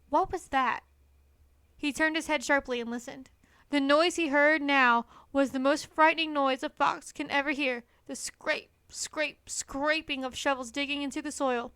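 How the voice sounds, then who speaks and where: A woman reading a children's storybook aloud in an expressive, lively manner. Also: high-pitched, normal speed, no echo. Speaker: storybook reader.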